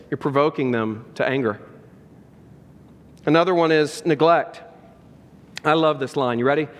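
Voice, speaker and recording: A pastor giving a sermon to fathers, earnest and direct, repeating key lines for emphasis. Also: on the high side. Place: church sanctuary. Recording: echoey hall with long reverb.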